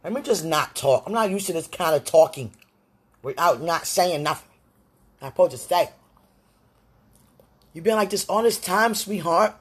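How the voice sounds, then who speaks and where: Husky voice in an emotional prayerful monologue. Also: mid-range voice, lively intonation, moderate pace, pauses often. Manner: emotional, pleading, speaks aloud to God and a loved one. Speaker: podcast host.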